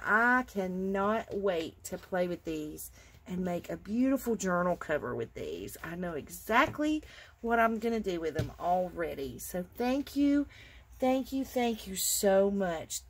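A woman's voice: lowish voice, very animated, slow, a little hiss or hum. A woman from Georgia, hosting a casual craft vlog and gushing with enthusiasm over what she shows, at times dropping to a near-whisper. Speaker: craft channel host. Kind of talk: casual show-and-tell vlog.

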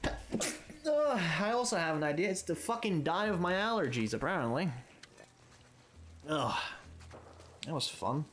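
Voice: mid-range voice, sing-song, measured pace, pauses often, fairly bright tone, slight background noise. A gamer giving casual, playful commentary during a let's play, swearing a lot and taunting the enemies on screen. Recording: game sounds behind voice.

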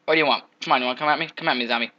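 A young man giving casual, jokey commentary while playing a game, trash-talking monsters with sudden loud outbursts. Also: mid-range voice, very fast, dull audio. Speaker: gameplay commentator.

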